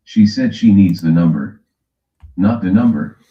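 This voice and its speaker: A man's voice: deep voice, a little slow, crowd noise. A man with a New York accent bickering and teasing, swearing freely in casual stream chat. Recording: echoey, dull stream audio.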